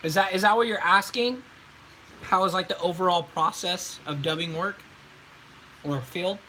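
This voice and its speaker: A man's voice: high-pitched, moderate pace, bright, forceful tone, a little hiss or hum, rough recording. A man in his twenties, a voice actor, chatting casually on a live stream and answering viewer questions in a laid-back way.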